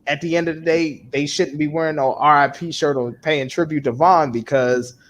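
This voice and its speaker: A man co-hosting a podcast in casual chat, animated and repeating himself for emphasis. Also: fairly high pitch, moderate pace. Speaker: podcast co-host.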